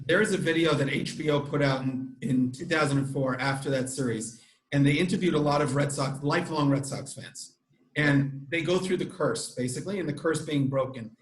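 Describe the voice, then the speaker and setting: A man hosting a podcast who tells stories in an animated way, with frequent restarts. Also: fairly high pitch, fairly quick. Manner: animated storytelling, many restarts. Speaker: podcast host. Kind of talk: casual chat. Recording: echoey room.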